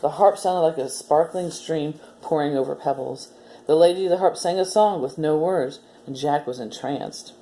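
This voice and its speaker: Female story time host for kids; low, mellow voice, gentle and patient. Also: normal speed, a little hiss or hum. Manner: gentle, explaining step by step. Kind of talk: reading a story aloud to children, then a simple demo.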